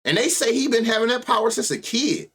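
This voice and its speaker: A man's voice: extremely high pitch, fast, breathy edge. Man, sports-betting stream host, casual, profane, laughing, muttered stats. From United States. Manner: animated, profane, laughs often, reads stats aloud under his breath.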